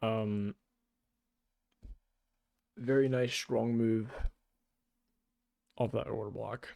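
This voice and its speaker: A young man giving casual, excitable live trading commentary, swearing often and calling people "bro". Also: lowish voice, very slow, gravelly, no room sound, studio quality. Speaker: day trader.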